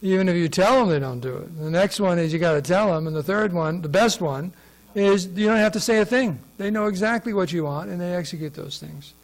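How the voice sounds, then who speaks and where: A man leads a scripture class in a high-pitched voice at a fairly quick pace, keeping it conversational and often putting questions to his audience. The recording is rough.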